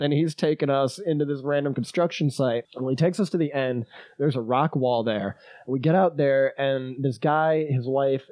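A man's voice: medium pitch, no echo. A man casually telling a long travel story, swearing often and acting out what people said. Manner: animated, swears a lot, acts out quotes.

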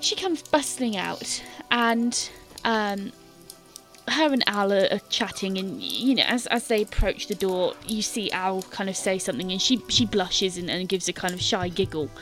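A woman's voice: mid-range voice, lively intonation, moderate pace, a bit bright, soft background music. Rambling woman game master. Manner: descriptive, hesitant, many fillers. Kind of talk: narrating a tabletop game.

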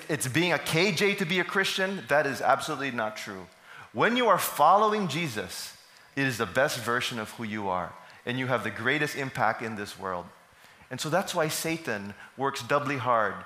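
A man's voice: mid-range voice, sharp tone. A man, preaching a sermon and putting questions to the congregation that he answers himself. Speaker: pastor. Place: church service hall. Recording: echoey hall.

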